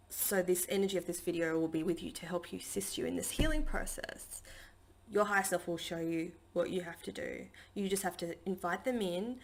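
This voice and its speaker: A woman with a lowish voice that keeps slipping into a gravelly fry. She talks through a spiritual healing message from home in a loose, chatty way that wanders off track, full of ums and likes. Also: a bit bright. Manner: chatty and rambling, with many fillers. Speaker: spiritual healer and channelling teacher. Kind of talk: casual spiritual guidance talk. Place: home, at a dining table.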